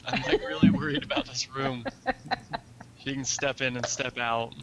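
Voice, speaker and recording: A man joking dryly as a player in a tabletop game. Clear noise runs under his voice in this stream recording. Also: mid-range voice, wildly swooping pitch, normal speed. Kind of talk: casual tabletop game chat.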